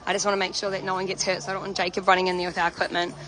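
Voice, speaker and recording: Racing along in a low voice with a completely flat delivery, a woman streams live on a rough recording. She's at an outdoor protest camp with a handheld phone, talking casually and directly to viewers over background crowd noise and music.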